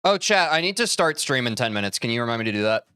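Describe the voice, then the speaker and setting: A man's voice: medium pitch, sing-song, fast talker, pushed and bright, clean tone. A man streaming a game, talking casually to his chat in a rambling, self-interrupting, opinionated way.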